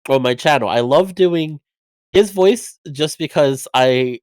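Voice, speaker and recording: Low-voiced woman chatting hesitantly. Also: lively intonation, slow pace, darkish tone, no echo. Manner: hesitant, filler-heavy. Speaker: voice actor guest. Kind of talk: casual podcast chat.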